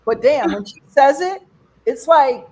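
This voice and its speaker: Here an older American woman rambles through a conversational stand-up comedy set for an online fundraiser, her pitch shooting high as she imitates other people's accents. She speaks a little slowly, with lively intonation and a slightly mellow tone.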